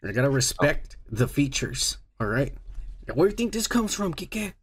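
A man's voice: on the high side, very animated, normal speed, husky. A man co-hosting a podcast, chatting casually in crude, profane, joking banter. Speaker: podcast co-host. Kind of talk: casual chat.

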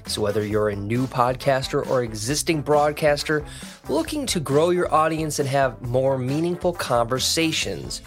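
A man's voice: medium pitch, a bit bright. Man, sponsor ad read, upbeat, faint music behind. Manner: upbeat promotional. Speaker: ad reader. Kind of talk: podcast ad read.

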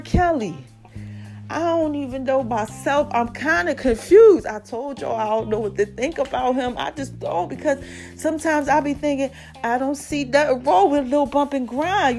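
High-pitched woman chatting on her podcast, lively and talkative, faint music underneath. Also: moderate pace. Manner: chatty, animated, calls listeners "y'all" and "child". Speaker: podcast host. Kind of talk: casual solo podcast chat.

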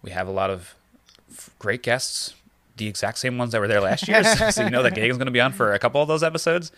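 A man chats on a podcast at a quick clip, his voice bright and forward. He rambles and restarts sentences as he goes, recorded close and dry. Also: medium pitch, expressive, no room sound. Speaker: podcast co-host. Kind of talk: casual chat.

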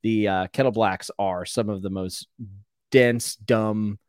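A man co-hosting a casual book discussion podcast, giving blunt, animated opinions. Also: lowish voice, slow pace, clear, resonant tone, dry recording, clean studio sound. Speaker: podcast co-host.

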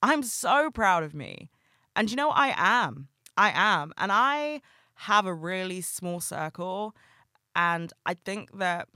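A woman's voice: fairly low pitch, pushed and bright, no echo, studio quality. A woman hosting a solo podcast, talking candidly and emotionally, swearing often. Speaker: podcast host.

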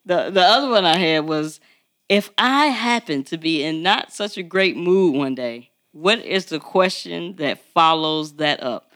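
A woman co-hosting a podcast in casual chat, animated and laughing often. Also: a little slow. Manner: animated, laughing often, jumps to very high pitch. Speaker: podcast co-host.

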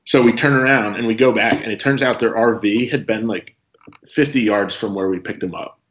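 A man with a lowish, fairly quick voice tells a travel story in casual chat, speaking loosely, saying "like" often and chuckling as he goes. The recording sounds roomy and slightly dull.

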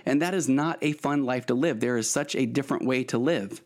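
A man's voice: mid-range voice, a little fast, darkish tone. A middle-aged man, a therapist hosting his podcast, giving earnest advice in a rambling way with many restarts. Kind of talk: solo podcast monologue, advice.

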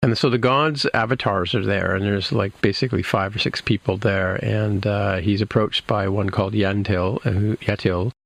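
A man's voice: lowish voice, steady tone, normal speed, creaky, few pauses. A man in casual chat, rambling through a recap with many restarts and fillers. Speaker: podcast co-host recapping a TV episode.

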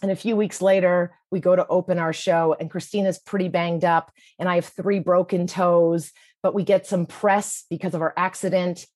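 A woman's voice: lowish voice, normal speed, dry recording, clean studio sound. Woman telling a vivid comic story. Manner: vivid present-tense storytelling, lively and comic. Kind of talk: personal story told to an audience.

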